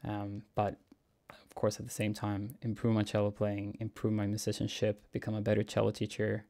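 A young man, a cellist answering viewer questions in a relaxed, musing Q&A vlog, chuckling often. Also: fairly low pitch, normal speed. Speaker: cellist and YouTuber. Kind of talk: casual Q&A vlog.

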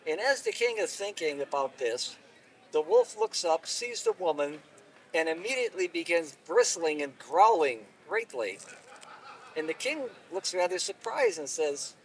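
A man telling a folk tale aloud at an outdoor event, unhurried and expressive, recorded from a distance. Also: fairly high pitch. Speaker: storyteller. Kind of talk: oral storytelling.

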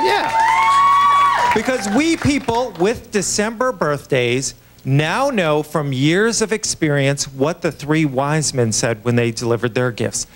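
A man from Buffalo, New York, doing a stand-up comedy set on a TV stage, with a lively, punchy delivery and quick voiced impressions of his family. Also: on the high side. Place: comedy club stage on a TV show with a live audience. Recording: loud audience laughter and noise.

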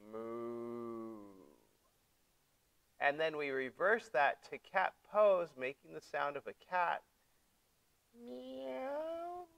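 A man teaching a yoga class, giving gentle step-by-step cues for breath and poses, playful with his young students. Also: sits high, no echo, poor audio. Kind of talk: guided yoga class instruction.

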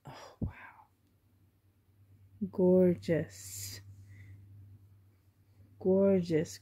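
A woman's voice: mid-range voice, takes it slowly, creaky, long pauses, warm tone, breathy edge. A woman vlogging as she unboxes a reborn doll, gushing fondly and often dropping to half-whispered asides. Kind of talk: unboxing vlog chat.

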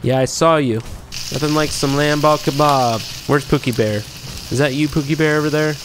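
A man's voice: fairly high pitch, steady tone, normal speed, noisy background. A young man giving chatty, playful commentary as he plays a game and talks to his creatures. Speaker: gameplay commentator. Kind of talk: casual gameplay commentary.

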